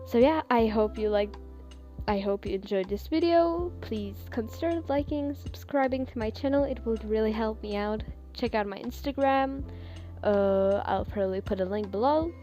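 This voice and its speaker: A woman's voice: fairly high pitch, moderate pace, warm tone, faint music behind. A woman reading fan fiction aloud and then chatting casually with listeners, with fillers and small laughs. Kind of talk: casual storytelling and chat.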